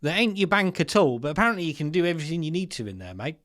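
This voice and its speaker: A man's voice: on the high side, big pitch swings, rapid-fire, fairly bright tone, no room sound, clean studio sound. A man, hosting an opinionated commentary with exasperated, sarcastic asides and slangy remarks. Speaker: commentary channel host.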